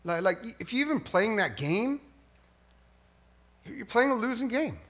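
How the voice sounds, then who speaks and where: A middle-aged man preaching a sermon as pastor, animated and swinging from hushed lines to near yelling. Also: very high-pitched, a little slow.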